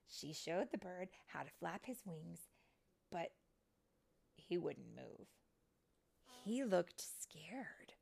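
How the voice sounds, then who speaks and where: Mom reading a storybook aloud, slow and lively in pitch, drops to whispers. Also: female voice, creaky, slightly rough. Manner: slow, expressive, dropping to whispers. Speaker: mother reading to her child. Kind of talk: reading a picture book aloud.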